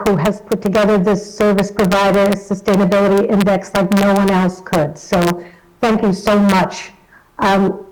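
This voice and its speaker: A woman's voice: medium pitch, rough recording. A woman with an American accent giving a chatty, enthusiastic recorded video message to a conference as an association chief executive. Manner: warm, chatty and enthusiastic, with light self-deprecating humour. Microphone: self-recorded video message.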